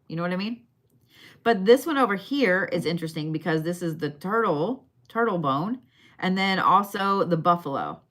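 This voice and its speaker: A woman giving bone readings on a live stream in a casual, chatty way, swearing now and then and talking straight to her viewers. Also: on the low side. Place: her shop.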